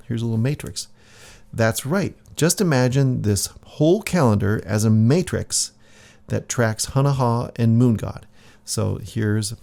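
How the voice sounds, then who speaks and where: A man casually reading his own comic aloud, halting often and adding soft asides. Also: lowish voice, creaky.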